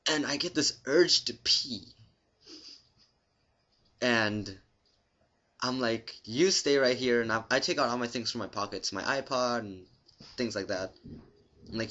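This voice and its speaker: Young male vlogger, low bright voice, rambling and profane, muffled lo-fi webcam sound. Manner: rambling, profane, deadpan asides. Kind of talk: casual storytelling to camera.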